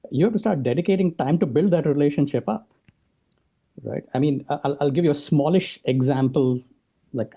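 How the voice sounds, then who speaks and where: A man's voice: medium pitch, slightly rough, lo-fi sound. A man being interviewed as a podcast guest, explaining his ideas in conversation and often checking in with a "right?". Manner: explanatory, tags points with "right?".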